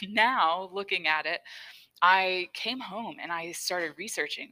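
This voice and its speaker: Slow-talking bright-voiced woman podcaster. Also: lowish voice, low-quality recording. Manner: chatty, self-deprecating, laughs often. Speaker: podcast host. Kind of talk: casual solo podcast talk.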